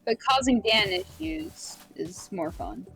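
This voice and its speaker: A woman's voice: on the high side, very animated, takes it slowly, vocal fry, fairly bright tone, slightly rough, faint music behind. A woman playing along on a game stream, teasing her co-player and laughing often. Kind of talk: casual gaming chat.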